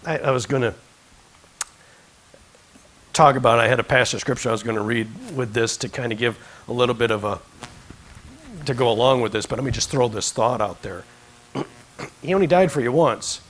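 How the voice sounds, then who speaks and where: A man preaching a sermon in a church, swinging between quiet conversational asides and impassioned, emphatic peaks. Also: mid-range voice, brisk, long pauses, poor audio. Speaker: pastor. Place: church sanctuary.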